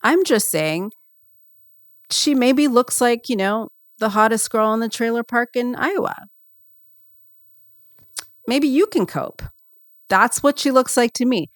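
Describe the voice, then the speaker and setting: A woman's voice: fairly high pitch, animated, slow, long pauses, dry recording, studio quality. A woman hosting a podcast in casual, comedic chat, rambling and sarcastic with lots of fillers. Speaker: podcast host.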